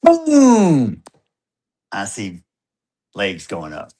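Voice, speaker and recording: A middle-aged man with a low, gravelly, husky voice tells a story as a father being interviewed. His delivery is animated and lively in pitch, dropping to near hushes and then climbing loud and excited. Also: a little slow.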